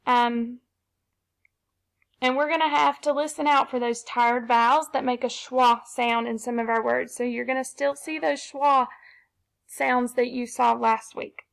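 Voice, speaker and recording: Slow, high-voiced woman teaching phonics. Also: little pitch movement, gravelly. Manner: slow, patient, sounding out syllables. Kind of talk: phonics lesson for young children.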